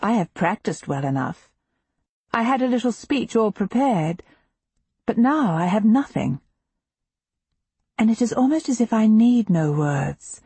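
A woman narrating a historical novel in the first person, in a measured, intimate and emotionally expressive reading. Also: a little high, husky, no echo. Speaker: audiobook narrator.

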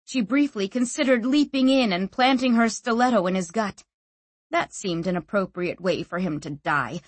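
A woman narrates a fantasy audiobook in a measured, quietly expressive voice. Her tone is husky and breathy at a middle pitch, and the recording is dry and close. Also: dry recording.

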